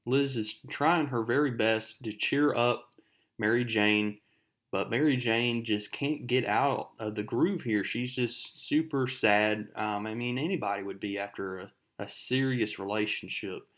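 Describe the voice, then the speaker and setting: A man's voice: medium pitch, measured pace, fairly bright tone. A young man hosting a comic book video, recapping the story in a chatty, loose way.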